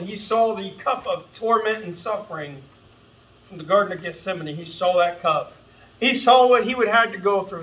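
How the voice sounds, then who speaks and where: A man's voice: sits high, a bit bright, distant mic, rough recording. A man preaching an earnest, impassioned sermon as pastor, calling his listeners folks. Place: church sanctuary.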